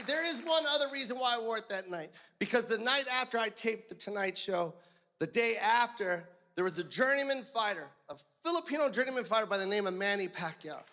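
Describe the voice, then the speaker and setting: Man, stand-up comic, high voice, bright edge, live crowd murmur. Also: creaky. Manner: profane, animated storytelling, shouting punchlines. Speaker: stand-up comedian. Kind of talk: stand-up comedy set. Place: comedy stage before a live audience. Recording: live stage mic with audience and room noise.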